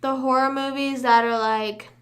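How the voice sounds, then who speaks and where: Bright-voiced young woman chatting on stream. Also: sits high, steady tone, normal speed. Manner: chatty, rambling, hums to herself. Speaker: livestream host. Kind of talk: casual live chat.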